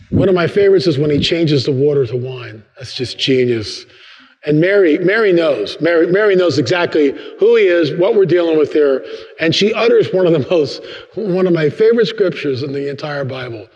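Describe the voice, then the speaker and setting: A man giving a humorous church talk as a guest speaker, acting out quotes with big jumps in his voice. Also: a little fast. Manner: animated, acts out quotes with big pitch jumps. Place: large church hall. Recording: long hall reverb, dull sound.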